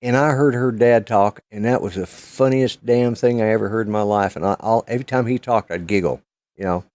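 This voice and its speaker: A man's voice: lowish voice, brisk, a little mellow, dry recording. A man in his sixties from Colorado with an Oklahoma-tinged Southern American accent, hosting a live stream and telling long rambling stories with casual swearing. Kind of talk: casual chat.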